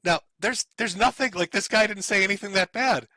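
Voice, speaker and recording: A man's voice: high voice, fairly quick, sharp tone, no room sound, poor audio. A man streaming, giving sarcastic, profane commentary while reading out posts and chuckling often.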